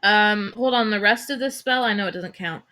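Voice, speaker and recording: A woman's voice: medium pitch, brisk, sharp tone. A woman playing a tabletop game with friends. She talks through her moves in a chatty way and reads the rules aloud, laughing as she goes. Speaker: player.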